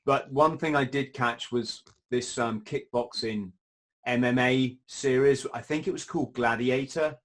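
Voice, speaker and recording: Male host, mid-pitched, easygoing talk, drifts into side comments. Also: steady tone, measured pace. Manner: chatty, wanders into asides, casual swearing. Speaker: podcast host. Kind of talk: casual interview chat.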